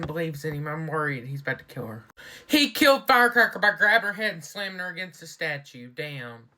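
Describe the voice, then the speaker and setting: A speaker reacting to a TV episode in a casual running commentary, excitable and anxious, gasping and shouting at the big moments. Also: medium pitch. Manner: excitable, gasps and shouts at surprises, keeps saying she's worried. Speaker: TV reaction reviewer.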